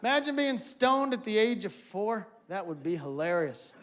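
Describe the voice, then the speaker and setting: A man performing stand-up comedy on a stage, animated and acting out scenes. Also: high voice, moderate pace. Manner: animated, acts out voices and scenes. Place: auditorium stage before a live audience.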